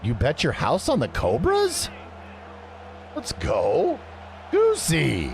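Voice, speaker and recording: Slow-talking, lively man streaming a game. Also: on the high side, vocal fry, a little hiss or hum. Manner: chatty, joking, reads chat messages aloud. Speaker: gaming streamer. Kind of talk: casual live-stream chat while gaming.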